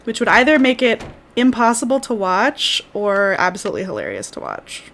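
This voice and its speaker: A woman's voice: medium pitch, animated, normal speed, vocal fry, a bit bright, slight background noise. A woman streamer giving bubbly, giggly live commentary while playing a game. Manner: bubbly, giggly, says y'all.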